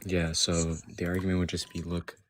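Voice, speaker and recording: A man's voice: sits low, completely flat delivery, normal speed, slight background noise. A man calling into a debate stream, hesitant with fillers, then pushy, as he argues. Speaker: caller. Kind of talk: call-in debate. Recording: loud keyboard clicking behind.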